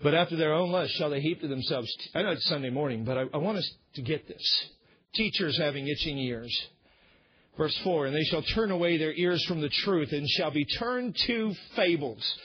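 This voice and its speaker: A man's voice: fairly high pitch, lively intonation, normal speed, breathy edge, muffled recording. A man pastor delivering an emphatic, repetitive sermon.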